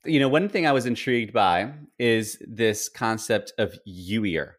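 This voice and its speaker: Speaking a little slowly with lively intonation, a man from the United States uses a lowish voice to host a podcast. He keeps the interview casual, joking around with his guest and laughing readily.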